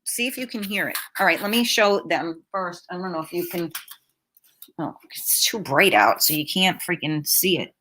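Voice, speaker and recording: A woman's voice: fairly low pitch, normal speed, pushed and bright. Blunt, foul-mouthed woman livestreaming. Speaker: livestream host. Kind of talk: casual live-stream chat reading comments. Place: at home. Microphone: laptop mic.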